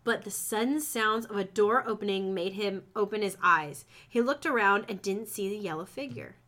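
A woman's voice: medium pitch, normal speed, fairly bright tone. A woman reading fan fiction aloud with friends, breaking off to joke and laugh. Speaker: reader.

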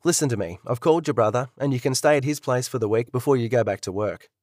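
A man's voice: mid-range voice, fast talker, a little mellow, dry recording, clean studio sound, close to an everyday voice. A man voicing a young wife who speaks bluntly and coldly, in an audiobook. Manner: blunt, matter-of-fact.

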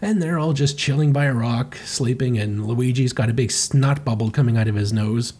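Husky man, podcast co-host, wry casual recap. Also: medium pitch, moderate pace, a little mellow.

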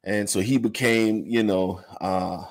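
A man giving rambling, animated commentary to camera, full of "you know" asides. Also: on the low side, slow. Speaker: commentary vlogger. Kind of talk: casual ranting commentary.

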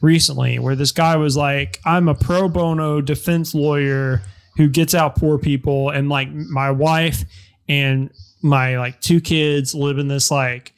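Male podcast co-host, filler-heavy rambler, a bit higher pitched. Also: steady tone, unhurried, smooth. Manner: rambling, full of fillers and swearing. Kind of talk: casual political chat.

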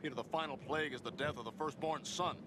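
An actor voicing a cynical adult male talking dog in a cartoon, with a dry, deadpan delivery. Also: fairly high pitch, fast talker, background noise, close to an everyday voice.

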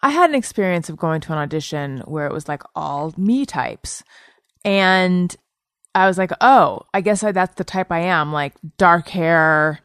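A woman's voice: lowish voice, expressive, unhurried, a bit bright, clean tone, no echo, studio quality. A woman hosting a podcast, chatting casually with wry, self-deprecating asides. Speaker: podcast host.

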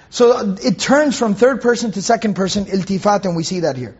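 A man's voice: high voice, brisk, darkish tone, breathy edge, lo-fi sound. A man teaching a Quran commentary lecture to students in a conversational way, repeating phrases, asking rhetorical questions and reciting Arabic verses.

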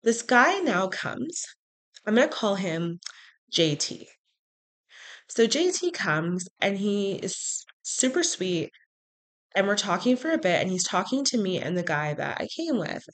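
A woman hosting a podcast, telling a personal story in a frank, animated way with sarcastic asides. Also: mid-range voice, unhurried. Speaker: podcast host. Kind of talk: casual storytelling monologue.

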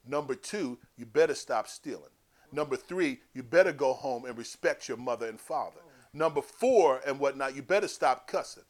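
A man preaching voices a blunt, mocking male prophet who scolds a crowd with rapid-fire accusations. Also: mid-range voice, animated, close to an everyday voice. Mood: scolding.

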